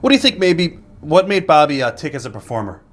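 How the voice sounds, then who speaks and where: Fast-talking male interviewer. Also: fairly high pitch, big pitch swings. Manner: asks questions with filler pauses. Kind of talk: interview questions.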